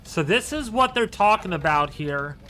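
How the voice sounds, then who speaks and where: A man's voice: high-pitched, expressive, normal speed, sharp tone. A man chasing storms with friends, chatting casually and talking through the radar. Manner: laid-back, reads the radar. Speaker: fellow storm chaser. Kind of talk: casual chat.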